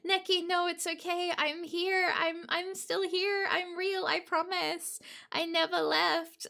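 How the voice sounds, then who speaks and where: A woman's voice: very high voice, level tone, slow pace, gravelly, pushed and bright, voice pushed up, full character voice. A woman doing a tender ghostly young woman.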